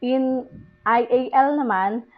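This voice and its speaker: A woman reads a lesson aloud slowly and haltingly, restarting words as she goes. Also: high-pitched, dull audio. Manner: slow, halting delivery with restarts.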